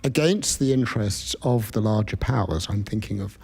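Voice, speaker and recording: A man from the United Kingdom giving a public lecture, measured and reflective, posing questions to himself. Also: fairly low pitch, gravelly, darkish tone, slightly rough. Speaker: guest speaker. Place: event hall with an audience.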